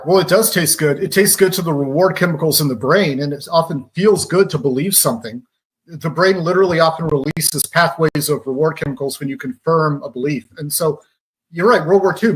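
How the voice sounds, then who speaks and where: A man from Georgia talks through his points as a radio guest, calm and analytical, reaching for pop-culture comparisons. His voice sits a little high for a man. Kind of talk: conversational explaining.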